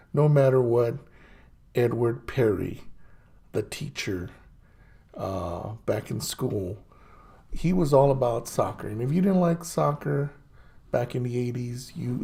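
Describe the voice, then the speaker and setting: A man's voice: medium pitch, gravelly, dark tone, breathy edge. A middle-aged man hosting his own show, rambling through a blunt, scornful rant full of fillers and restarts. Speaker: host. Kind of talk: ranting monologue.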